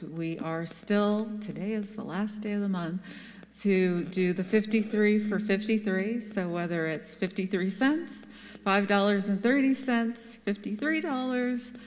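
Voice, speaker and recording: A woman leading the offering during a church service, soft-spoken and a little hesitant. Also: medium pitch. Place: church sanctuary. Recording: long reverb of a church hall.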